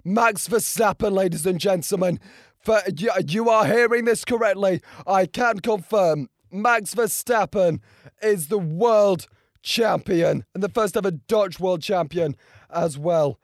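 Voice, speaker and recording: A young man with a hoarse, strained voice, talking through a race in a casual, excitable and rambling way, full of fillers and restarts. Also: high-pitched, unhurried, no echo, studio quality. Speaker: motorsport video creator. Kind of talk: casual reaction and race breakdown.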